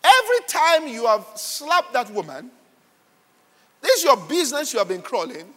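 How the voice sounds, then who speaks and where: A man voicing a forceful divine figure in a dream who speaks loudly and emphatically, heard with a long hall reverb. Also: very high voice, sing-song, moderate pace, heavily acted. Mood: revealing.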